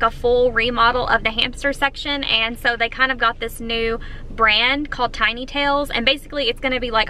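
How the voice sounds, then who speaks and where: A young woman with a high, light voice talks straight to her handheld camera in a bubbly vlog style. She gushes over small cute things, moving from her car to a pet shop and home. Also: sharp tone, slight background noise. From southern United States. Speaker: vlogger. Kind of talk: casual vlog chat. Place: car and pet store, then home couch.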